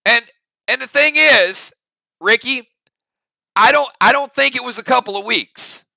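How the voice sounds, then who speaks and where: A man's voice: extremely high pitch, a little slow, creaky, pushed and bright, no room sound. A man hosting a live-stream reaction show, chatting loosely with his viewers and thinking aloud with many restarts. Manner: rambling, thinks aloud with restarts, talks straight to chat.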